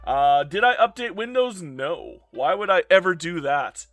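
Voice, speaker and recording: Hoarse, tired man streaming live. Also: high voice, lively intonation, measured pace, fairly bright tone, dry recording, soft background music. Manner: chatty, greets chat by name. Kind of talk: live gameplay commentary.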